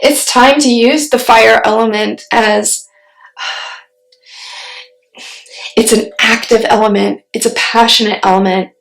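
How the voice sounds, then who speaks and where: A woman reading tarot cards in an unhurried, reflective way, pausing often to ask spirit questions between cards. Her fairly high voice carries a gravelly fry. The recording sits in a roomy, echoey space. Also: fairly even intonation, a bit bright. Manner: slow, musing, talks to spirit mid-reading. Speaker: tarot reader. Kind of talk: solo tarot reading to camera. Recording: roomy echo.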